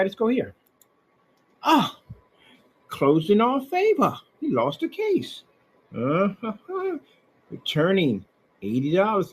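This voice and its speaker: A man's voice: on the high side, slightly rough, rough recording. A man giving a mocking, sarcastic rant over emails and receipts, talking straight at the person he is angry with. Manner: mocking, sarcastic, with scornful repetition; talks straight at the person he is ranting about. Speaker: online seller ranting about a customer.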